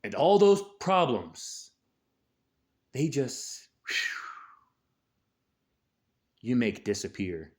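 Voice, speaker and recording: A man's voice: medium pitch, sing-song, drawn-out words, pauses often. A man hosting a show, delivering an angry, aggressive political rant full of swearing. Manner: angry, aggressive, heavy swearing, shouted peaks. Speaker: host.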